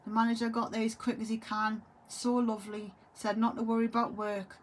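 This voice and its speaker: A grieving, tearful woman talks to camera in a halting way, often trailing off and repeating herself. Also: a little high, flat delivery. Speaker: vlogger. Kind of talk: emotional monologue to camera.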